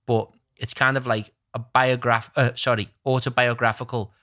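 A man's voice: mid-range voice, level tone, normal speed, bright, forceful tone. A young man telling a long story in casual chat, rambling and full of slang.

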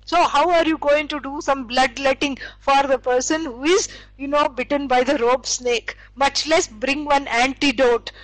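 A woman's voice: sits high, steady tone, moderate pace, dry recording, low-quality recording. A woman teaching scripture, explaining with stories and acted quotes, using many fillers. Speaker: spiritual teacher. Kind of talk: scripture lecture.

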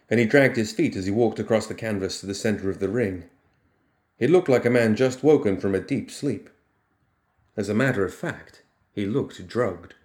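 A man narrating a fiction audiobook in steady storytelling. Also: on the low side.

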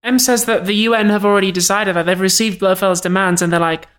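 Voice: medium pitch, steady tone, quick pace, fairly bright tone. A podcast co-host summarizing a film plot with wry, sarcastic asides. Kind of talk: casual film recap chat.

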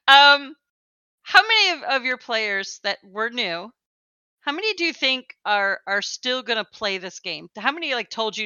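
A woman's voice: fairly high pitch, big pitch swings, moderate pace, sharp tone, smooth, no room sound, dull audio. A woman co-hosting a podcast in casual chat, teasing and laughing often. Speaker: podcast co-host.

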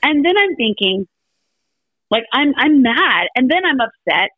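The speaker is a middle-aged woman appearing as a podcast guest, spinning family stories in a relaxed chat and voicing the people in them with animation. Her voice is high-pitched and a little slow, captured with phone-quality sound and no room sound.

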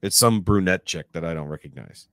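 Deep-voiced man telling a profane story. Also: fairly quick, no room sound. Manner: profane, animated retelling with acted-out quotes. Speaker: podcast guest. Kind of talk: casual storytelling.

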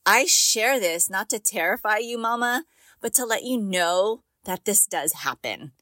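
A chatty middle-aged woman hosts a podcast for mothers, talking to them warmly and laughing often. Her voice sits at an ordinary pitch for a woman. She is recorded close and dry, with no room sound around her. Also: expressive, measured pace, dry recording. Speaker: podcast host and mom coach. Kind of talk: casual podcast monologue.

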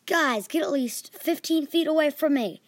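A woman's voice: sits high, normal speed, no echo, pitched above the performer's own voice, natural voice. A female narrator voicing a joking, boastful male moon elf in a homemade audio story. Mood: urgent.

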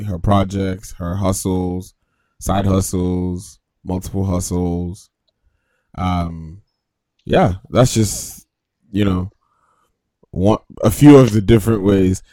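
A man co-hosting a casual chat, talking in a measured, reflective way. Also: sits low, a little mellow, no echo.

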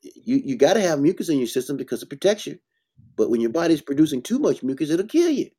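Blunt, preachy man with a mellow voice. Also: a little high, very animated, fast talker. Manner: blunt, preachy, emphatic bursts. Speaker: herbalist host. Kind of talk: casual health talk.

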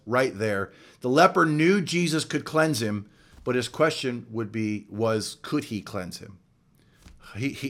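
A man preaching a sermon, earnest and building emphasis with slow, drawn-out words. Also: mid-range voice. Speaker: pastor.

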